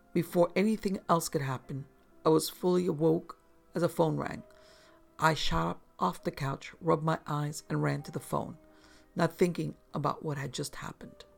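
A narrator reading first-person horror stories aloud in a steady, measured way, as scripted storytelling. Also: mid-range voice, gravelly.

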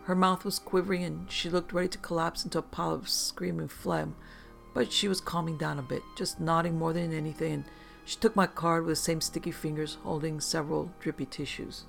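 Gravelly voice, mid pitch, measured horror storytelling, slow pauses, soft music underneath. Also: little pitch movement. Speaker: narrator. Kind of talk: first-person horror story narration.

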